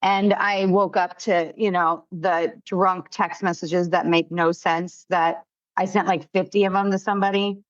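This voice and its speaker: A woman's voice: fairly low pitch, flat delivery, a little slow, dull audio. A woman in her thirties co-hosting a casual podcast chat, candid and easygoing, often giggling. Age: 30s. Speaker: podcast co-host.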